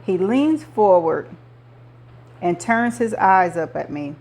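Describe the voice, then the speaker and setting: A woman reading a novel aloud, narrating in the first person with measured delivery. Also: mid-range voice, lively intonation, darkish tone. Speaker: audiobook reader.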